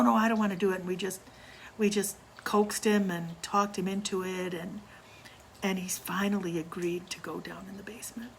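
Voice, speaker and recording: Older woman with a low gravelly voice. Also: a little hiss or hum, rough recording. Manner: hushed, slow, dropping to near whispers. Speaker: storyteller. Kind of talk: personal ghost story narration.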